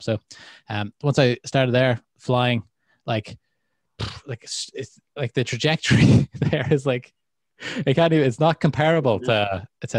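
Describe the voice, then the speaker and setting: An Irish man co-hosts a podcast in easy, chatty talk. He spins stories and briefly acts out the voices of the people in them. His voice sits at an ordinary middle pitch, recorded close and dry with no room sound. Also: no echo. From Ireland. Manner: animated storyteller, acts out quoted voices. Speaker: podcast co-host. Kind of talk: casual podcast chat.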